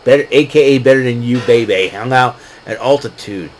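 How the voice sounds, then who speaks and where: A man's voice: medium pitch, a little fast, a little hiss or hum, poor audio. A man casually recapping a wrestling show, rambling with lots of fillers and frequent laughs. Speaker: podcast host recapping wrestling.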